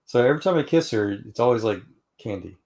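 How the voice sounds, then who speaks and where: A man's voice: mid-range voice, animated, fast, darkish tone. A middle-aged man from Houston hosting a casual online chat, telling a story in a rambling way with many restarts and "you know"s, and laughing now and then. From Houston, Texas, US. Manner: laughs while telling stories. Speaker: host of an online fellowship chat.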